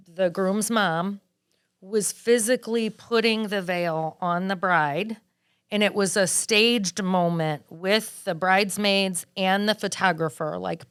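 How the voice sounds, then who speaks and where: A woman guest on a podcast interview, telling lively, animated stories about her work as a wedding planner. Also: medium pitch, smooth, dry recording, clean studio sound. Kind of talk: casual podcast interview storytelling.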